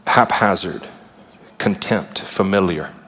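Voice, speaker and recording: A preacher with a fairly low voice delivers his sermon slowly and conversationally, drifting into animated asides and playful retellings. Each phrase trails off into the long reverb of a large hall.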